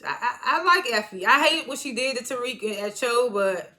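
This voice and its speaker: Bright-voiced woman recapping a TV episode. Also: a little high, fairly quick. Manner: animated, slangy storytelling with frequent laughs. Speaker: TV show reviewer.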